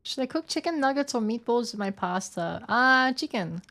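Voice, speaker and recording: A woman's voice: fairly high pitch, animated, normal speed, fairly bright tone. A woman in her twenties chatting casually and playfully with her viewers while she plays a game and reads chat. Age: 20s. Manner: playful, giggly, thinks aloud. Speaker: streamer.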